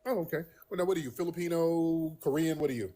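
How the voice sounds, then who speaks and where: Husky, blunt male livestream host. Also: fairly high pitch, fast talker. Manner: blunt, profane, animated. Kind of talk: casual call-in livestream commentary.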